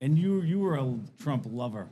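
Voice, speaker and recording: A podcast host speaking in a slightly higher-than-average male voice, halting and repeating himself in loose chat. He laughs along easily, with a faint hiss underneath. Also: expressive, warm tone. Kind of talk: casual chat.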